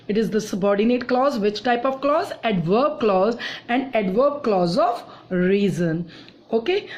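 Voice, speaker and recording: A woman's voice: fairly high pitch, a little mellow. A woman with an Indian English accent teaching a grammar lesson, repeating each example sentence and saying "okay" often.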